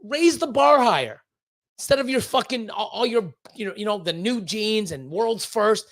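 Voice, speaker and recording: A man's voice: high voice, animated, moderate pace, fairly bright tone. A man who breeds reptiles, hosting a livestream and ranting at length, blunt and heavily profane, often stumbling over repeated words.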